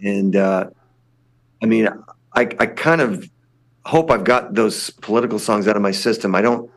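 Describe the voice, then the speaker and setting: Older male guest, gravel in a low voice, loose rambling talk. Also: normal speed. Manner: rambling, many restarts and fillers. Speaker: lead singer of a punk band, podcast guest. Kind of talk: casual interview chat.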